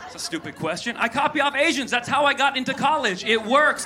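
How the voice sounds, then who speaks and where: A man's voice: very high-pitched, animated, a little fast, few pauses. A man performing a stand-up routine on a comedy club stage, acting out both sides of quoted exchanges with punchy timing. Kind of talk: stand-up routine before a live audience. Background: faint audience laughter and crowd noise.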